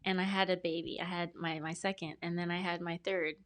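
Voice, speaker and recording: A woman in her thirties speaking with a somewhat low voice. She talks as a podcast guest, earnest and rambling, and she often circles back and restarts her sentences. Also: flat delivery, brisk, fairly bright tone. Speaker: podcast guest, brand specialist. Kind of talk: casual interview storytelling.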